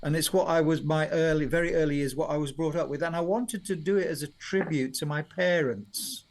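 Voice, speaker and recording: A man's voice: on the high side, brisk. A man, a songwriter chatting in a radio interview and telling rambling stories with frequent laughs. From Sheffield, Yorkshire, England. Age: 70s. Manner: chatty, rambling storyteller who laughs often. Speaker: songwriter guest.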